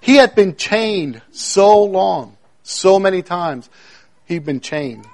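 A man preaching a sermon, emphatic, repeating key phrases and swinging between loud declarations and hushed moments. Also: high voice, lively intonation, slow pace. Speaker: pastor.

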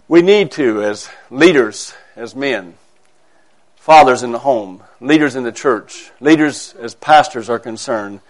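A man, a minister, talking earnestly and in a measured way to his church congregation, with emphatic rises now and then. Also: mid-range voice. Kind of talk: conversational sermon talk. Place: church service.

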